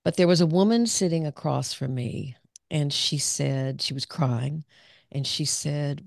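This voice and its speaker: Unhurried and gravelly, with a deep, slightly mellow voice, the psychologist candidly shares her personal story in an interview and laughs frequently. It's a dry, clean studio recording.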